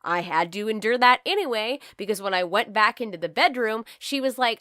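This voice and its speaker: A young woman from California telling a storytime vlog in an animated, profane, emphatic way. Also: a little high, a little fast, hardly any pauses, smooth, no echo, clean studio sound. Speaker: vlogger.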